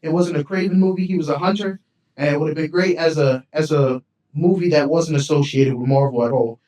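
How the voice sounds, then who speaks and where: A man's voice: a little high, steady tone, fairly quick, darkish tone, recorded from a distance. Rambling man on an echoey podcast. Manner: rambling, repeats words, slangy "you feel me". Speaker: podcast co-host. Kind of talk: casual chat.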